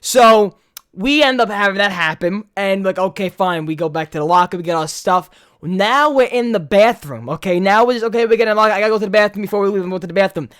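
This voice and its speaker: A man hosting a podcast in casual chat, telling a story in an animated, profane way. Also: sits high, fast talker, clear, resonant tone. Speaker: podcast host.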